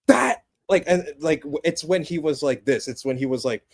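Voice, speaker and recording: Young adult male podcast co-host, slightly high pitch, animated and earnest, casual review chat. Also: brisk. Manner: animated, passionate, swings between loud excitement and low earnest tones.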